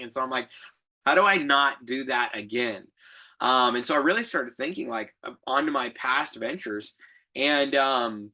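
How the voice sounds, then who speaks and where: A man's voice: mid-range voice, a little fast, pushed and bright. A young adult man hosting a podcast, telling a reflective story in a rambling casual way, with fillers, self-corrections and light laughs. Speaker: podcast co-host.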